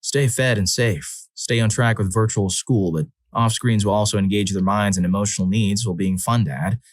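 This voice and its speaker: A man reading first-person stories aloud as a channel narrator, in a measured, earnest way. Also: lowish voice, no echo, studio quality.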